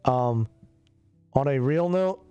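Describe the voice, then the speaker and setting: A sick streamer rambles through a loose, casual chat in an ordinary mid-pitched voice. Now and then he coughs, and he drifts into loopy tangents full of swearing. The sound is close and dry, with soft music playing behind him. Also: expressive, slow, clean tone, dry recording, highs cut off.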